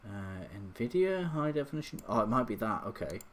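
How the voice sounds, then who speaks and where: A man's voice: mid-range voice, sing-song, normal speed. A man live streaming late at night from his home computer, rambling and self-deprecating, with lots of hesitant restarts. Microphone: desktop USB microphone.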